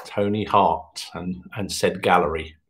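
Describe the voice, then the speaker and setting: A man's voice: fairly even intonation, measured pace, fairly bright tone. A man hosting an online pub quiz, reading answers in a chatty, jokey way. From England. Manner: chatty, jokey, pitch jumps up when announcing. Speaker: quiz host.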